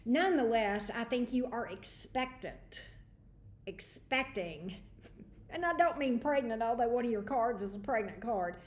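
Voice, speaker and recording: A woman's voice: a little high, expressive, measured pace. A woman hosting a livestream tarot reading, chatty and greeting viewers by name. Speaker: tarot reader. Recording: echoey room.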